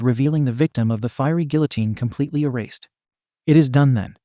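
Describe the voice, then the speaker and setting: A man narrating a fan fiction story in a steady, even storytelling manner, recorded on a close mic. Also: mid-range voice, no echo.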